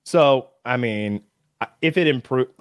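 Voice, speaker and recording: A mid-pitched man co-hosting a podcast rambles through relaxed casual chat. The recording is dry, with no room sound. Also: unhurried, dry recording. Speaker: podcast co-host.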